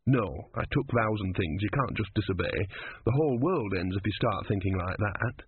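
Casting note: a man playing a fearful, obedient young novice, husky voice, narrow lo-fi audio. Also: lowish voice, animated, moderate pace. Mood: anxious. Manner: nervous, hesitant, deferential. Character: timid young male novice monk. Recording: dry, phone-like narrow sound.

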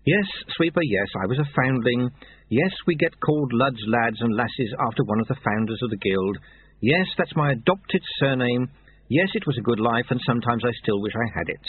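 A man's voice: on the high side, big pitch swings, normal speed, husky, voice pushed up. A man doing a flustered young novice monk. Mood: eager. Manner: eager, flustered questioning. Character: anxious earnest young male novice monk. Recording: tinny phone-like audio.

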